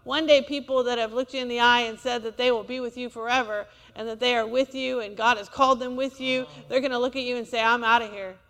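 A woman's voice: a little high, fairly even intonation, fast, hardly any pauses, fairly bright tone, long reverb tail. A woman preacher, delivering a sermon in a church and asking the congregation for amens. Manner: call-and-response preaching, asks for amens.

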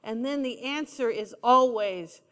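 Woman, sermon, high-pitched, emphatic repetition, long church reverb. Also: unhurried, a bit bright. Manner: emphatic, repeats key lines, asks the congregation for responses. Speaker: preacher.

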